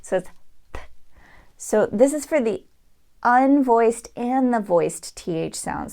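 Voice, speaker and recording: A woman's voice: medium pitch, expressive, unhurried, a little mellow. Woman teaching sounds. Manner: demonstrates sounds, switching in and out of an Irish accent. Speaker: accent coach. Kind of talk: dialect tutorial.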